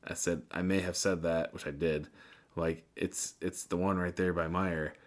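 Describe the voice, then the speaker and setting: A man's voice: low voice, fairly even intonation, normal speed. A man, co-hosting a podcast and telling a rambling story with a lot of swearing. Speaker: podcast co-host. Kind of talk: casual chat.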